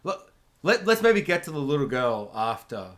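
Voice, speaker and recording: An excitable man with a fairly high voice co-hosts a film discussion. He riffs freely, swears often and acts out scenes in quick little voices. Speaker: podcast co-host.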